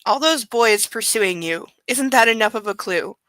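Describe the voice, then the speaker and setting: Possessive brooding young rich man, intense murmur, read by a woman in her own voice; bright, dry sound. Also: fairly high pitch, lively intonation, normal speed, no room sound, poor audio. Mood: tender.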